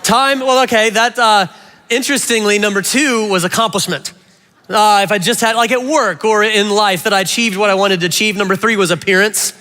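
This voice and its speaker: A man delivers a sermon in a large church hall, and his voice has a long, ringing reverb. It sits high and sounds bright and forceful. He is animated and playful, and he keeps turning to the congregation to speak to them directly. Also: brisk. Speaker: pastor.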